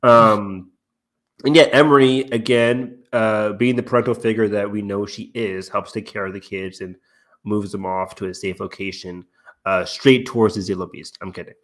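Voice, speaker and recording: Low-voiced man rambling on a podcast. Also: fairly even intonation, normal speed, fairly bright tone. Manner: rambling, filler-heavy, laughs often, swears casually. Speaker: podcast host. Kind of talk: casual fan podcast chat.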